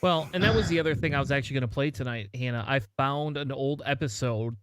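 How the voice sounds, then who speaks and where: A man's voice: medium pitch, quick pace, a bit bright, no echo. A man hosting a podcast in casual banter, rambling and cutting himself off as he jokes. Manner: rambling, self-interrupting, joking. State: has been drinking. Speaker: podcast host.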